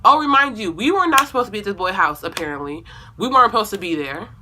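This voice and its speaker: A woman's voice: mid-range voice, lively intonation, quick pace, sharp tone, slight background noise. A young woman telling a storytime video at home in a casual, rambling way, correcting herself and swearing freely. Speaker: vlogger.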